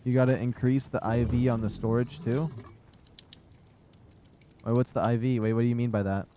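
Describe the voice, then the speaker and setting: A man talks his way through a live game stream in a relaxed, rambling way. He sounds a little short of breath and chuckles to himself now and then. Faint background noise sits behind his voice. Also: mid-range voice, normal speed. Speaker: livestream gamer. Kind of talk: casual gameplay commentary. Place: his room.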